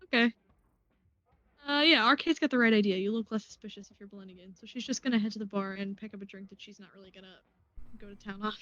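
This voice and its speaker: A woman's voice: medium pitch, fast, fairly bright tone. A woman playing a tabletop game, chatty and giggly. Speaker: player. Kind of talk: casual tabletop play. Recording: dull dry home mic.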